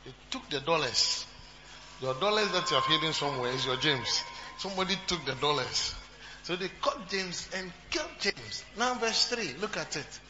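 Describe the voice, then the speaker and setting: A man's voice: on the high side, lively intonation, moderate pace, bright, forceful tone. A man preaching a sermon to his congregation, repeating phrases and asking the crowd questions. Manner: repetitive, talks to the congregation, jokes and asks questions. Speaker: pastor. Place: church. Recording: dull recording with humming noise.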